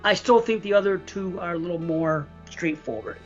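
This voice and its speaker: A woman's voice: on the low side, moderate pace, a little mellow, dull audio, faint music behind. A woman co-hosting a podcast in casual chat, blunt and swearing freely, laughing often. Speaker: podcast co-host.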